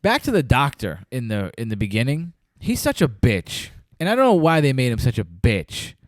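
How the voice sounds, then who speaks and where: A man's voice: medium pitch, huge pitch swings, normal speed, dry recording, clean studio sound. A man hosting a podcast, chatting casually about a movie and acting out scenes in quoted voices. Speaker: podcast host. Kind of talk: casual movie review chat.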